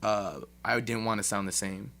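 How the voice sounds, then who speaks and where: A man's voice: lowish voice, steady tone, normal speed, creaky, pushed and bright. A man being interviewed as a guest rapper, talking casually and hesitantly with many fillers. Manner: hesitant, many ums and likes.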